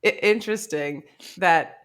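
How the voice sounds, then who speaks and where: A woman's voice: fairly low pitch, unhurried, a bit bright. A woman co-hosting a casual book club podcast, thinking aloud in a rambling way with many "likes". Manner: thoughtful, rambling, hedging with "like".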